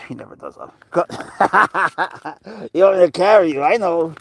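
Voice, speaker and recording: Gravelly man chatting while walking his cat. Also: fairly high pitch, lively intonation, slow pace, a little hiss or hum. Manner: rambling, talks to his cat in coaxing baby talk. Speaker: pet owner live-streaming. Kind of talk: casual live-stream chat. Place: outdoors, walking near a parked car.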